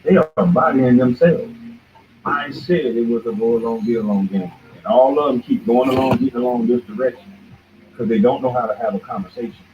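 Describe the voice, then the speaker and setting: A man's voice: medium pitch, brisk. A man hosts his own show with a heated, combative rant, calling out his target again and again. His voice sits in a middle range. The sound is thin and phone-like, with a faint hiss underneath. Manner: heated, confrontational, repeats "boy". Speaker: show host. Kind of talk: ranting commentary monologue. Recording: tinny phone-like line with faint noise.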